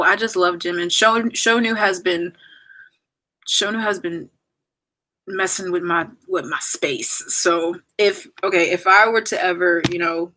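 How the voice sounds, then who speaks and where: A woman's voice: fairly low pitch, bright, forceful tone, rough recording. A young woman chatting on a farewell livestream, emotional and trying not to cry, apologizing and rambling with many fillers. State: holding back tears. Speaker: YouTuber saying goodbye on a livestream. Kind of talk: casual livestream chat reading comments.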